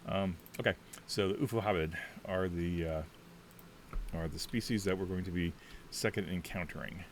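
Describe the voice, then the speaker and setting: Brief: deep-voiced man, chatty and rambling, narrating his solo tabletop play; faint hiss underneath. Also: moderate pace. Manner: rambling, chatty, thinks out loud with many fillers. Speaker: solo tabletop game player. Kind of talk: casual thinking-aloud game walkthrough.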